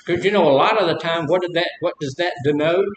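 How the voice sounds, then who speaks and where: A male addiction counselor with a slightly higher voice talks fast as he leads a recovery group, keeping it informal with questions for the group and humorous personal stories. The recording has a roomy echo and a faint rumble.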